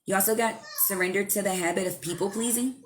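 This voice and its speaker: A woman hosting a casual live stream from home, giving spiritual advice in a blunt, profane, animated way. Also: medium pitch, fast, noisy background. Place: at home with her child nearby.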